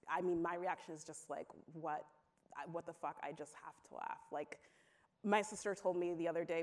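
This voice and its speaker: A woman with a lowish voice talks candidly on a theater stage to an audience. She is wry and reflective, laughs easily, and often restarts her sentences mid-thought. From Connecticut, USA. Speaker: panelist answering audience questions. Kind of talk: candid conversational talk on stage.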